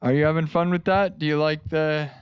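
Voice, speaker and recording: A man's voice: a little high, fairly even intonation, a little fast, clean tone, no room sound, highs cut off. A man hosting a music livestream in casual chat, laid-back and calling his viewers dudes and bro, his throat a little strained from screaming. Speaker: livestream host and improv musician.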